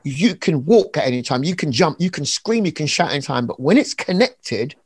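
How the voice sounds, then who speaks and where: A man, an author talking about praise and faith in an emphatic, animated preaching way. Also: fairly high pitch, a little fast, breathy edge, dry recording. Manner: animated, emphatic, acts out little scenes. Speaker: author and preacher being interviewed. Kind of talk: conversational preaching.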